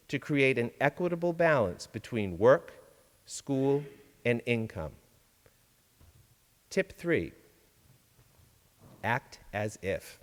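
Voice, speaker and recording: A man giving a sermon-style reflection from a church pulpit, measured and deliberate, with dramatic pauses. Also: mid-range voice, big-room sound. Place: large church sanctuary.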